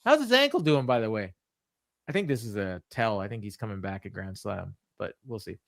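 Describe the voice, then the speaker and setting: A man's voice: on the low side, big pitch swings, a little fast, gravelly, a bit bright, no echo. A man co-hosting a wrestling podcast, recapping a show in casual chat and laughing often. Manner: storytelling with frequent laughs. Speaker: podcast co-host. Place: home studio on remote call.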